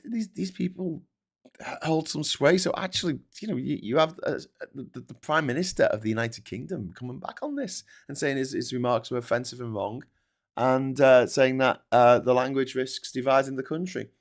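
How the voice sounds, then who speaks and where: A man's voice: mid-range voice, moderate pace. Brief Middle-aged Scouse male streamer, rambling, sarcastic, swears, lots of false starts. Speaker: host of a livestream news chat. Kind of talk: casual livestream commentary reading super chats.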